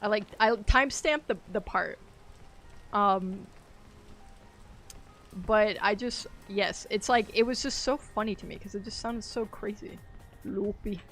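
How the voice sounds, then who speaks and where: A woman's voice: medium pitch, unhurried, pauses often, fairly bright tone, faint music behind. A woman chatting casually on a game live stream, rambling, laughing often and reacting aloud to the game. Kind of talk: casual live-stream chat while gaming.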